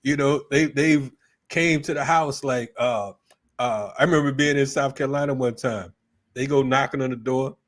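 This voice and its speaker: A man co-hosting a morning talk show, telling stories in a profane, animated way. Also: medium pitch, normal speed. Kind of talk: casual political chat.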